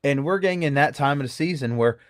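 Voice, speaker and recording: A man talking as a guest about working haunted attractions, telling stories with playful swings between high and low voices. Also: quick pace, no room sound, clean studio sound. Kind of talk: animated storytelling chat.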